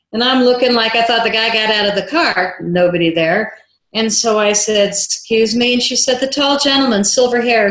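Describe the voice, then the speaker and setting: A woman filmmaker, a guest on an interview show, telling a story in a lively way and acting out the dialogue she quotes. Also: medium pitch. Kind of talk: animated anecdotal storytelling. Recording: roomy echo.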